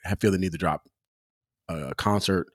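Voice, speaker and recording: A man's voice: low-pitched, moderate pace, no echo, studio quality. A man co-hosting a podcast in casual, laid-back banter, teasing his partner. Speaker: podcast co-host. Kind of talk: casual chat.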